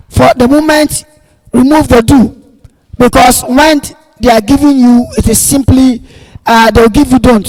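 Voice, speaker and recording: A man teaching a grammar lesson, repeating each point slowly and stressing key words loudly. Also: very high-pitched. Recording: long reverb, echoey room.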